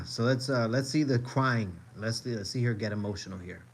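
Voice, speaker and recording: A man's voice: medium pitch, normal speed, gravelly, a little hiss or hum. A man hosting a live stream, reacting to a rally in an emphatic, repetitive, profane rant while addressing his viewers directly.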